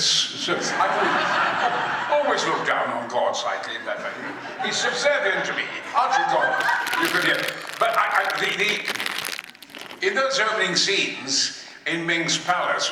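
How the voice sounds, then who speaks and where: An older man tells stories on a convention stage in a booming, theatrical, sweary way. His voice is high and forceful. It echoes around a big hall, heard from a distance. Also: a little hiss or hum. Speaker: actor on a convention panel. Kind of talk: anecdotal storytelling.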